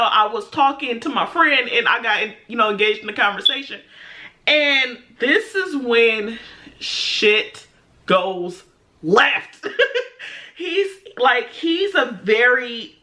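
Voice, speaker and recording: Young woman vlogger, high and bright, acts out quotes in a laughing rant. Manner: animated, laughing storyteller acting out quotes. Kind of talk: storytime rant.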